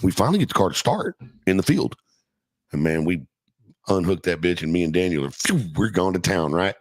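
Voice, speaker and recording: A man's voice: low-pitched, animated, brisk, no echo. A middle-aged man casually telling a profane, laughing story from his youth as a podcast guest.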